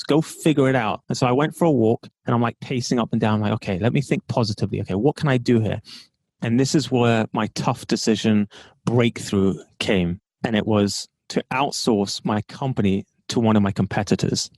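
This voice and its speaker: A man, a guest on an entrepreneur podcast, telling stories in an animated way, acting out quoted dialogue and laughing often. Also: mid-range voice, a little fast, dry recording. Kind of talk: storytelling in a casual interview.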